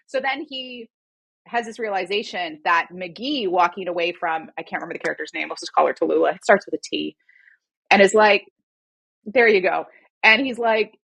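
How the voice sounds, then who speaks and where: A woman's voice: lowish voice, normal speed, vocal fry, fairly bright tone. A woman co-hosting a podcast, chatting casually and animatedly as she retells a romance novel's plot. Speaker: podcast co-host.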